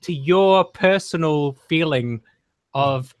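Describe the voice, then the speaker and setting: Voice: mid-range voice, slow pace, no room sound, lo-fi sound. A guest in a casual panel chat, explaining thoughtfully with hesitant restarts.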